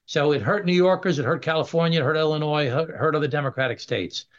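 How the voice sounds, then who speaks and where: A middle-aged man, a congressman guest on a radio interview, arguing in a forceful, emphatic way. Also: on the high side, fast. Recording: dull lo-fi radio sound.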